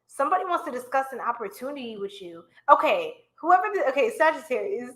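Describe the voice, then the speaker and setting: A woman gives a live tarot reading to her viewers. Her voice is bright and a little high, and she keeps things chatty and playful, laughing often. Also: sing-song, quick pace. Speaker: tarot reader.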